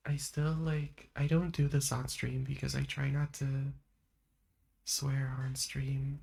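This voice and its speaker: A woman hosting a live stream in a soft-spoken ASMR chat style, talking in a meandering way and laughing often. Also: rumbling low, level tone, takes it slowly, vocal fry, husky. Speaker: livestream host. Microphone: streaming microphone.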